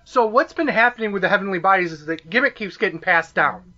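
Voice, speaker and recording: A man's voice: high-pitched, expressive, quick pace, bright, forceful tone, dull audio. A man co-hosting a wrestling podcast who explains backstory casually, swearing now and then. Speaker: podcast co-host. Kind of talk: casual chat watching wrestling.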